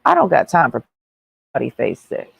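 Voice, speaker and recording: A woman's voice: extremely low pitch, wildly swooping pitch, moderate pace, gravelly, breathy edge, no room sound, dull audio. A woman ranting on a livestream in a brash, mocking, preachy way.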